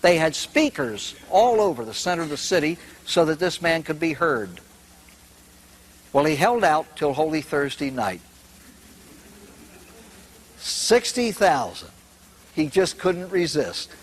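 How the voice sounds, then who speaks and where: A man's voice: fairly high pitch, sing-song, measured pace, long pauses, a little hiss or hum, rough recording. An older man, a priest, telling humorous stories animatedly and acting out the characters. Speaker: priest and speaker. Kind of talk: humorous storytelling talk.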